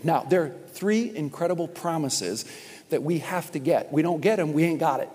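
A man's voice: fairly high pitch, lively intonation, moderate pace, darkish tone, breathy edge. A man preaching a sermon as pastor, emphatic and repetitive, calling on the congregation to respond. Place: church sanctuary. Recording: long hall reverb.

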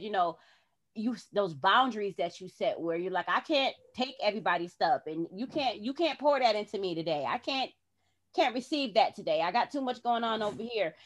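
A woman's voice: medium pitch, animated, fairly quick. A woman hosting a podcast, talking in a casual heart-to-heart way and acting out her own past words expressively. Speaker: podcast host.

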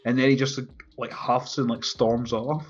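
At a moderate pace and in a mid-range voice, a man casually talks over a movie on a podcast. He's profane and animated, swearing often and laughing as he retells scenes, and the dull lo-fi recording has faint music.

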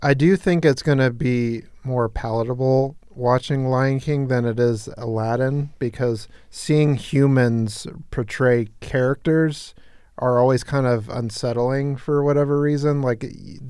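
A man's voice: medium pitch, steady tone, measured pace, a little mellow, smooth, no echo, clean studio sound. A man co-hosting a casual podcast, giving thoughtful, matter-of-fact opinions. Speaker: podcast co-host.

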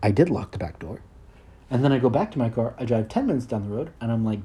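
A man's voice: medium pitch, animated, quick pace, dark tone. A man in his early twenties hosting a solo podcast, rambling in a crude, self-deprecating way. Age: 20s. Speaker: podcast host.

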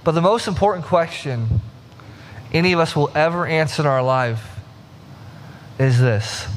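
A man's voice: fairly high pitch, animated, measured pace, pauses often, a little hiss or hum. A young adult man preaching a conversational sermon as a pastor, acting out the voices in the scripture stories. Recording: long hall reverb.

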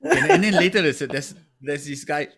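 A man's voice: a little high, very animated, normal speed, fairly bright tone. A Singaporean man co-hosting a comedy podcast, chatting casually, swearing freely and ranting with laughs. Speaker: podcast co-host. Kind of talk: casual chat.

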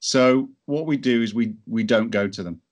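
A man's voice: mid-range voice, normal speed, dull audio. A man telling a business story as an interview guest, in a chatty way with many restarts. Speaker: entrepreneur guest.

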